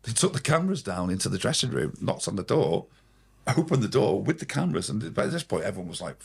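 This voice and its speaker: A man tells rambling stories as a podcast guest, swearing freely. His voice is very low and gravelly with a husky edge. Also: fast. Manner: swearing, rambling, animated anecdotes. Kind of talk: casual storytelling anecdote.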